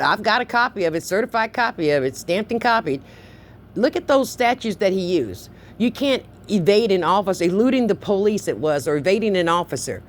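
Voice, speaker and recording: A woman with a lowish voice pushes her complaint over the phone, insistent and emotional, circling back to the same points again and again. A faint hiss sits under her voice. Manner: insistent, emotional, repeats herself. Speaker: claimant on a phone call.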